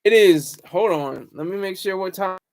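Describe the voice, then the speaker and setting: A man's voice: high-pitched, normal speed. A man hosting a casual livestream, rambling and talking back to viewer comments. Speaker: livestream host.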